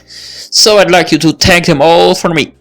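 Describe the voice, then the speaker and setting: A woman voicing a gentle, fond old grandfather while reading a visual novel aloud. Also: fairly low pitch, fairly even intonation, faint music behind, pitched above the performer's own voice. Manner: slow, fond, grandfatherly delivery.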